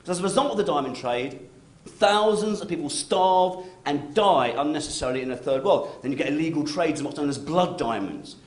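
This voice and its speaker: A man working a stand-up set, chatty and forever checking in with "right?". His pitch swings widely as he performs, and the voice sits slightly high for a man. The sound is roomy and echoey, with a faint hum of the venue behind him. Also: lively intonation, fairly quick. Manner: chatty, keeps tagging lines with "right?". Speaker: stand-up comedian. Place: comedy club stage with live audience. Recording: roomy club recording.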